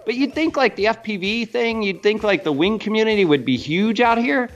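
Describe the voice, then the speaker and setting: A man's voice: high-pitched, expressive, fairly quick, lo-fi sound. A man with a Chicago accent, a guest chatting in an easygoing, blunt way with some mild swearing. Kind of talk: casual chat.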